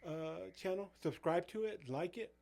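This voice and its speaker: A man's voice: high-pitched, normal speed, mellow. A middle-aged man, a youth pastor co-hosting a casual chat and telling rambling stories full of fillers and restarts.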